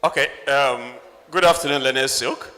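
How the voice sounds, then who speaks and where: A man's voice: mid-range voice, moderate pace, sharp tone. A middle-aged man, a lawyer earnestly asking a question at a town hall. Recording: reverberant hall.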